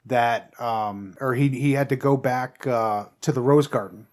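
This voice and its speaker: A man's voice: mid-range voice, unhurried, darkish tone. A man co-hosting a podcast, chatting casually about a film with quips and swearing. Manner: wisecracking, profane. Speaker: podcast co-host.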